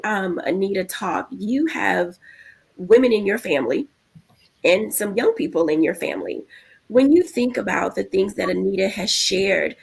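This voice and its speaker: A woman's voice: medium pitch, vocal fry, breathy edge. A woman moderating a panel discussion, affirming the speakers and guiding the conversation.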